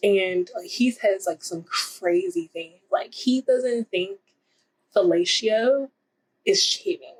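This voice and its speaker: A woman's voice: mid-range voice, takes it slowly, slightly rough, poor audio. A young woman casually reviewing romance books in a rambling, giggly way, with lots of fillers. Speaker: book vlogger. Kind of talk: casual book review vlog.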